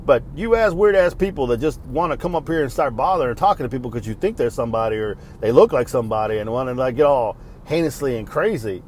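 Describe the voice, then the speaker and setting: A man's voice: mid-range voice, lively intonation, quick pace, few pauses, darkish tone, a little hiss or hum. A middle-aged man, hosting a podcast in a blunt, profane, fired-up rant. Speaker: podcast host. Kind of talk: casual ranting monologue.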